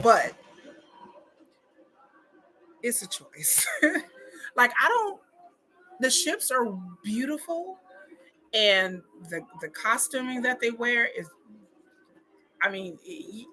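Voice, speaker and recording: A woman's voice: on the high side, pushed and bright. A woman chatting casually on a home livestream, reacting and often acting out other people's lines. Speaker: live watch party streamer. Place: home, indoors.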